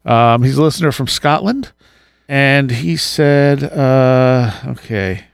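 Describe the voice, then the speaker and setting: A man at an ordinary pitch chats casually as a podcast host, thinking aloud with fillers and restarts. He reads a listener's story aloud in a relaxed way. The recording is dry and close. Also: slow pace, vocal fry, clean tone, dry recording.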